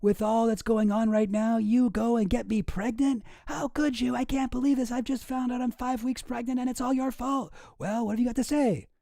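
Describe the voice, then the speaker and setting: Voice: mid-range voice, steady tone, moderate pace, gravelly, hardly any pauses, warm tone, dry recording, pitched above the performer's own voice, natural voice. A streamer reading a joke aloud, putting on the voice of a furious wife screaming at her husband on the phone.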